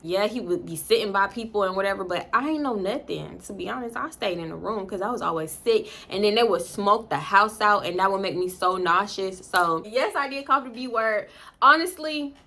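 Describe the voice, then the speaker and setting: A young woman telling a storytime to camera in casual chat, animated and jumping into loud high-pitched quotes. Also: brisk. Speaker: storytime vlogger.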